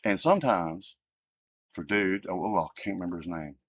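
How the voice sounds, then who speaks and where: A man hosting a livestream, ranting with profanity and swinging between loud outbursts and low muttering. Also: expressive, normal speed, slightly rough, no room sound. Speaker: livestream host. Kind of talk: heated ranting livestream talk.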